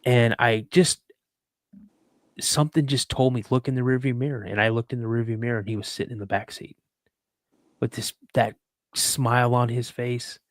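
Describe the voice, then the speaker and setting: A man telling an emotional personal story in an earnest, halting way, full of restarts as he fights back tears. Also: mid-range voice, fairly even intonation, no room sound, clean studio sound.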